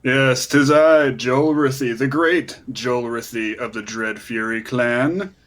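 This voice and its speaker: A man's voice: mid-range voice, steady tone, slow pace, fairly bright tone. A man voicing a boastful, grandiose goblin adventurer in a pompous, theatrical manner.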